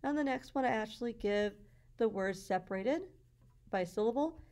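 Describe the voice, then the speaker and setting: A woman teacher walking through her classroom slides in a patient, explanatory way, sounding out words slowly. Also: a little high, darkish tone.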